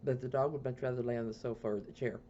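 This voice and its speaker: A woman's voice: a bass voice, fairly even intonation, fast, warm tone, dull audio, slight background noise. A woman hosting a casual podcast from her home, chatty and rambling, often sidetracked. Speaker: podcast host.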